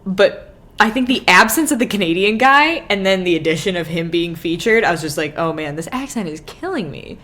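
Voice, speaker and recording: Casting: woman co-host, casual chat, animated, wide-ranging pitch. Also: fairly quick. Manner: animated storytelling, acts out quotes. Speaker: podcast co-host.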